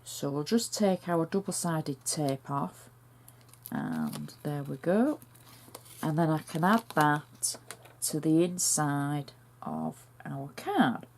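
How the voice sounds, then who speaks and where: A woman with a northern English accent walks through a handmade card, step by step. Her voice sits low and she takes her time, chatty and homely as she explains each stage of the craft. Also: a little hiss or hum. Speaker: crafter demonstrating a card project.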